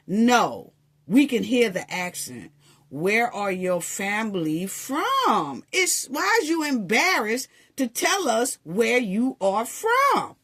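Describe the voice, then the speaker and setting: A woman's voice: a little high, sing-song, a little slow, a bit bright. A woman giving a sarcastic, scolding opinion monologue, full of rhetorical questions. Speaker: commentary vlogger.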